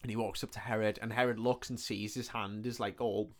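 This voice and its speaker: A man's voice: on the low side, brisk. Swearing man recapping a film. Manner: animated retelling, heavy swearing, many "like" fillers. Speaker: podcast co-host. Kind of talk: casual film recap chat.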